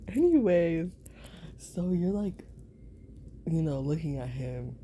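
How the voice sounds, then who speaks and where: Woman, whispered role-play storyteller, rambling, giggly, very mellow, low voice, slow pace. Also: lively intonation, slight background noise. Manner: rambling, giggly, full of fillers. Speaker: ASMR storyteller.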